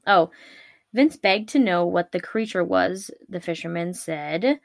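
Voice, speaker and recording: A woman's voice: fairly low pitch, animated, a little slow, vocal fry, no room sound. A woman retelling a spooky comedic legend in a casual way, with wry asides and many fillers. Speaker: podcast storyteller.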